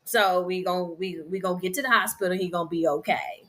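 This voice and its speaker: A middle-aged woman, telling the story of losing her son in slow, halting, emotional speech. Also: on the low side, steady tone, fairly bright tone. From Virginia. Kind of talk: personal testimony.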